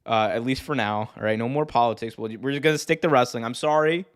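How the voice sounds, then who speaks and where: A man's voice: mid-range voice, fast talker. A man hosting a live wrestling stream, talking in a loose, rambling way, swearing often and laughing easily as he reads chat. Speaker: host.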